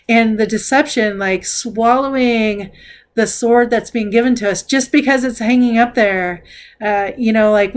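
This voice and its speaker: A middle-aged woman talks through a tarot reading in a loose, rambling way. She is candid and swears casually, with plenty of fillers. Her voice sits at an ordinary middle pitch. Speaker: tarot reader. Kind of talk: casual spoken tarot reflection.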